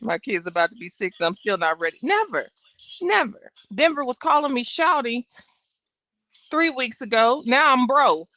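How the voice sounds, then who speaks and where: A woman's voice: fairly high pitch, animated, moderate pace, sharp tone, dry recording. A woman in her thirties hosting a live trial-watch stream, giving blunt, sassy, profane casual commentary. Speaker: livestream trial-watch host. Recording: dull, dry home stream audio.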